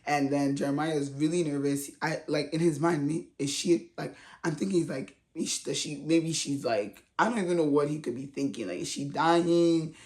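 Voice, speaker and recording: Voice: medium pitch, moderate pace, few pauses, darkish tone. A reality TV recap vlogger talking in a casual, slangy, chatty way with frequent laughs. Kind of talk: casual commentary.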